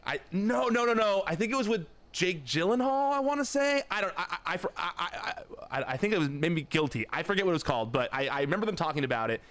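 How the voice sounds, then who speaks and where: A man's voice: high voice, lively intonation, fast, few pauses, fairly bright tone. Chatty laughing male podcast host. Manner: chatty, laughs often, stammering restarts. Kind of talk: casual interview chat.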